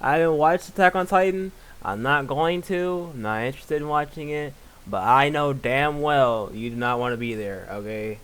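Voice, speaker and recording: A man giving casual reaction commentary while watching a video, blunt and loud with lots of swearing. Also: medium pitch, normal speed, clean tone. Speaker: reaction streamer.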